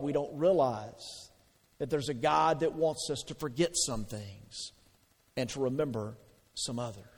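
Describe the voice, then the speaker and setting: Male pastor, slightly high voice, chatty sermon delivery with questions to the room, long hall reverb. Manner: conversational preaching with questions to the congregation.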